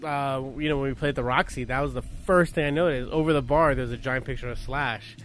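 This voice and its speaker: A man's voice: mid-range voice, a little fast, fairly bright tone, soft background music. A man in his thirties in casual chat, telling profane, laughing stories as a podcast host.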